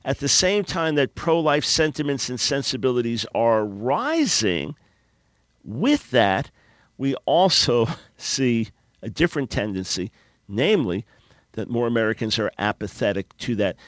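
A man's voice: mid-range voice, sing-song, measured pace, no room sound. Male radio host, earnest preachy delivery, repeats words, dry close studio mic. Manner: earnest, pleading, with small stumbles and repeated words. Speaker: radio talk show host. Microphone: studio microphone.

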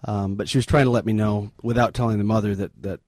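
A middle-aged man, a missionary guest in an interview, retelling a story in an earnest, halting, sombre way. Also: fairly low pitch, steady tone, darkish tone, no echo.

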